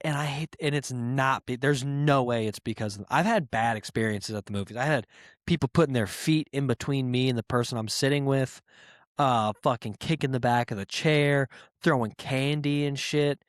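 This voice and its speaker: A man's voice: medium pitch, moderate pace, no echo. Podcast guy ranting solo, lots of swearing, mid voice, dead dry mic. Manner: profane, exasperated ranting with mocking quoted voices. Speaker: podcast host. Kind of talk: solo comedic rant.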